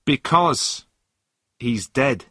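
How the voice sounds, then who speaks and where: A man playing a level-headed lorry driver who talks calmly. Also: medium pitch, drawn-out words, breathy edge, dry recording, studio quality, voice pushed up, heavily acted. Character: steady adult lorry driver.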